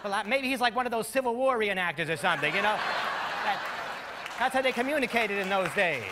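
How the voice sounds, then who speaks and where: A man's voice: high voice, animated, fairly quick, very noisy. Stand-up comic, man, dry conversational delivery, live club recording with audible crowd. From United States. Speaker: stand-up comedian. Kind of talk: stand-up routine. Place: comedy club stage.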